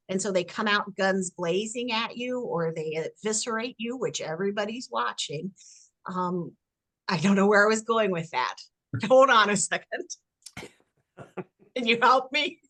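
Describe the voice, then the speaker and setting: Animated woman guest expert. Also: mid-range voice. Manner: animated, acts out example phrases. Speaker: guest expert on workplace culture. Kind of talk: conversational podcast interview.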